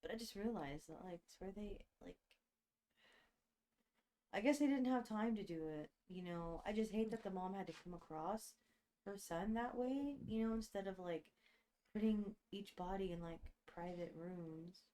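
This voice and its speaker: A woman chats casually about a movie with a co-host. She reacts bluntly and with feeling. Her voice sits at a middle pitch. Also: normal speed, mellow, a little hiss or hum. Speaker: podcast co-host.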